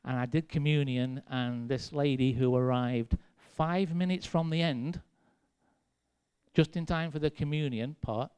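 A man's voice: mid-range voice, a little slow, darkish tone, clean tone. A man with an English accent preaching a sermon in a conversational, self-deprecating way, with dry sarcasm. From England. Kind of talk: sermon with personal stories.

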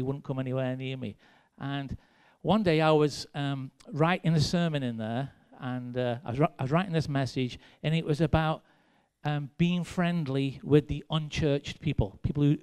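English man, preacher, casual sermon storytelling, dry sarcastic humor, smooth clear voice. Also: medium pitch, darkish tone. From England. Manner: conversational and self-deprecating, with dry sarcasm. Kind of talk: sermon with personal stories.

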